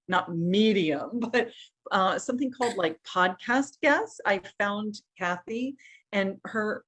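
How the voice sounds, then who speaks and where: A woman hosting a podcast interview over a remote call, chatty, laughing often and making self-deprecating asides. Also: medium pitch. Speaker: podcast host. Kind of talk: casual interview chat.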